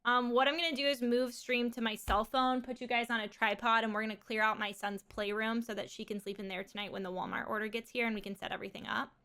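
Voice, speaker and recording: A woman's voice: fairly high pitch, fairly even intonation, fast, hardly any pauses, pushed and bright, smooth. A woman live streaming from home, talking in a rambling, casual way and swearing and laughing often.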